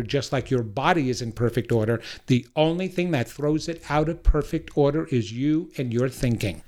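A man speaking as a podcast guest who offers personal readings, giving an emphatic, blunt motivational talk. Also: on the high side.

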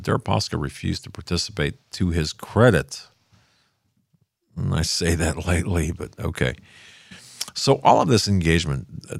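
Older male commentary host, deep and gravelly, casual rambling delivery, dry home-studio sound. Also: dry recording. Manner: rambling, loses his thread and restarts.

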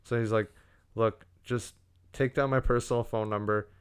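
Smooth-voiced young man telling a story. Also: fairly low pitch, normal speed. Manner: profane, animated storyteller acting out quotes. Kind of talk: casual storytelling chat.

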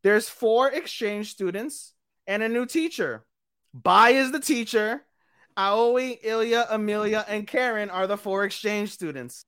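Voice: mid-range voice, a little slow, fairly bright tone, smooth. Profane, rambling podcast storyteller. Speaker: podcast co-host. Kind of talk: casual chat recapping an anime.

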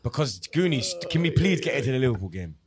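A man's voice: mid-range voice, sing-song, fast talker, crowd noise. A young man, a podcast co-host in heated football banter, boisterous and full of slang. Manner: boisterous, slangy, chanting and shouting.

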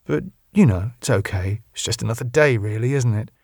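A man reading an audiobook, voicing a gentle young Englishwoman who speaks softly and hesitantly. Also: medium pitch, fairly quick, gravelly, dry recording, clean studio sound. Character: gentle wistful young woman.

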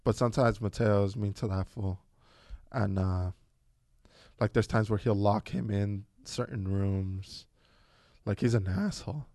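A man's voice: lowish voice, unhurried, long pauses, no room sound. Swearing storyteller man, dry close mic. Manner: animated storyteller, swears a lot, acts out his kids' voices. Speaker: podcast co-host. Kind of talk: casual chat.

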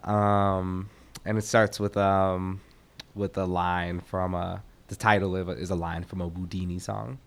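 A man reading his own poetry aloud, with an expressive, rhythmic delivery that rises and falls in loudness. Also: deep voice, a little slow, creaky.

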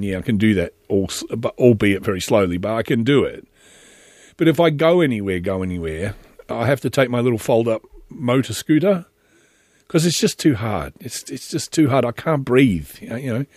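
A man's voice: mid-range voice, animated, normal speed, darkish tone, no room sound, studio quality. An Australian man hosting a casual solo monologue, chatty and rambling, often breaking off to restart his sentences. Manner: rambling and chatty, with many self-interruptions and restarts.

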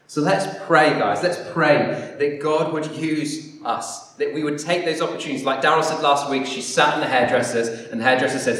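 A man preaching to a church congregation, self-deprecating and rambling, then leading prayer. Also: a little high. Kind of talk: sermon and closing prayer. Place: church hall. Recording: echoey hall, distant mic.

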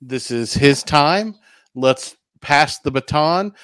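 A man's voice: fairly high pitch, animated, takes it slowly, fairly bright tone, smooth, dry recording. A man co-hosting a casual podcast, teasing the others in a mock-grand way. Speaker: podcast co-host. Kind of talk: casual chat.

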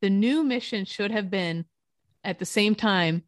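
A woman's voice: mid-range voice, unhurried, no room sound, studio quality. A young woman co-hosting a casual political talk show, speaking earnestly and passionately, at times rambling. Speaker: podcast co-host.

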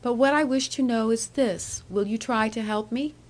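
A woman's voice: on the high side, moderate pace, voice pushed up, natural voice. A woman voicing a coaxing young woman. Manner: coaxing, pleading.

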